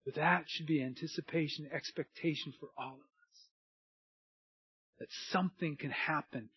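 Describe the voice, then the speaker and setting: High-voiced man preaching a sermon. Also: fairly even intonation, breathy edge, muffled recording. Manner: swings from loud urging to quiet, drawn-out phrases. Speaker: pastor.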